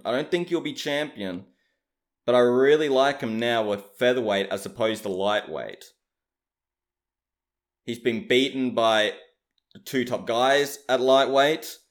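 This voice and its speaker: A man casually recapping fights as a commentator, opinionated and chatty, often hedging his claims. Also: mid-range voice. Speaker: MMA commentator.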